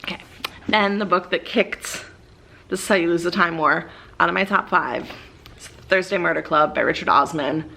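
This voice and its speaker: A woman's voice: on the low side, normal speed, gravelly, sharp tone, slight background noise. A young woman casually rambling about her favorite books as a book vlogger, with many fillers and eager bursts.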